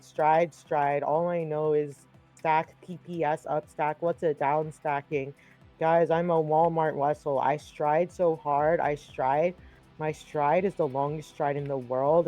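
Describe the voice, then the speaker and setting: A man's voice: fairly high pitch, mellow. A man playing a boastful lava-walking game creature, in a silly sing-song way, over background music.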